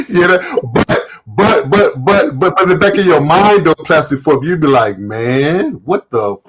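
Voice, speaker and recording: A man hosting a live stream, telling stories in a casual, animated way and acting out quotes, with some swearing. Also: fairly high pitch, slow pace, dull audio.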